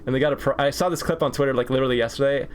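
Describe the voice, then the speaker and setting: A young man chats casually on a stream while he draws, at an ordinary mid pitch. He rambles from one jokey tangent to the next and laughs often. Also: fairly even intonation, racing, clean tone. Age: 20s. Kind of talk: casual chat while drawing.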